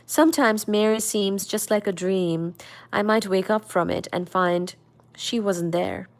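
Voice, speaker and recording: A woman's voice: mid-range voice, measured pace, lightly acted. A woman reading a troubled young man. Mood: tender.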